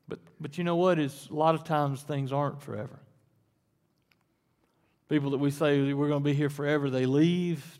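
A man preaching a sermon in a church sanctuary, his voice sitting a little high for a man. He talks slowly and conversationally, then swells into emphatic peaks. A long reverb hangs behind every line. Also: a little mellow. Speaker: pastor.

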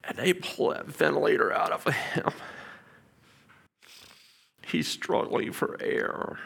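A man's voice: a little high, animated, slow, creaky, long pauses, husky. A middle-aged man giving an earnest, emotional personal testimony as a father. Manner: earnest, emotional storytelling with quiet whispered prayers.

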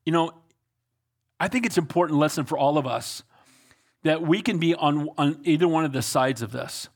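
A pastor delivers an emphatic sermon in a high, bright-edged voice. He talks to his congregation in a casual way and often checks in with "amen?" and "right?" from the pulpit. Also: moderate pace. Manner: emphatic preaching with frequent calls of amen and right. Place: church sanctuary before a congregation.

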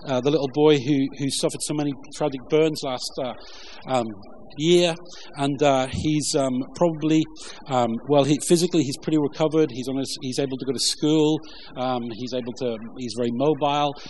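A man preaching a relaxed, conversational sermon with jokey asides and lots of fillers, reading scripture along the way. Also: mid-range voice, slight background noise. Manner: informal, halting, many fillers, jokey asides. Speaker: pastor.

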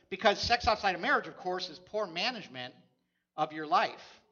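A man's voice: high voice, expressive, normal speed, pushed and bright, lo-fi sound. A man preaching a sermon as a pastor, telling stories in a conversational way.

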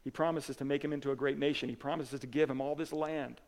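A man's voice: mid-range voice, fairly even intonation, quick pace. A man preaching a sermon as pastor, earnest and conversational, with casual asides and restarts. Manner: earnest, swings from emphatic to soft and quiet.

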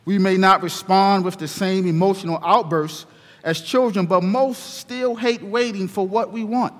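A male pastor giving a sermon, telling a story slowly and deliberately. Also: high voice, steady tone. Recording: reverberant hall.

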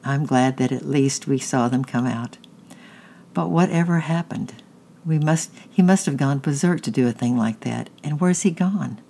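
A narrator voicing a gentle, caring mother who talks calmly and reasons with her daughter. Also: medium pitch, moderate pace, vocal fry, slight background noise, lightly acted. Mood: concerned.

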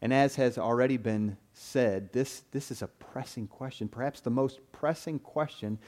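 A man's voice: medium pitch, normal speed, darkish tone. A man preaching a sermon in an earnest way, often repeating a word as he starts a phrase.

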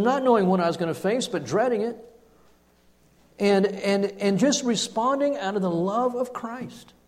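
Guy preaching a sermon, kinda high voice, swoops all over when telling his story. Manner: animated storyteller, drops to a hush for emphasis. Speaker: pastor.

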